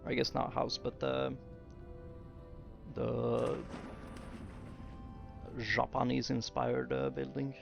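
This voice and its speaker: Slow and half to himself, a young streamer builds in his game and talks casually with chat in between, his mid-range voice gravelly, thick with fry, and showing little pitch movement. Faint music plays beneath dull, lo-fi audio.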